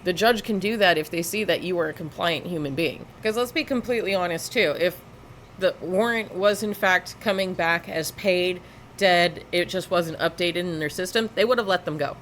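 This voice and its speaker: A woman's voice: on the low side, normal speed, a bit bright, a little hiss or hum. A woman giving sarcastic, lecturing reaction commentary over police footage.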